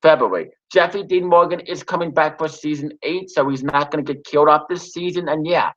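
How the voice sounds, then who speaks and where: A man with a slightly high voice reads a TV recap and then shares his own review. He stops and restarts often and fills pauses as he goes. The recording sounds dull and lo-fi. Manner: halting, frequent restarts and pauses. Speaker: TV episode reviewer.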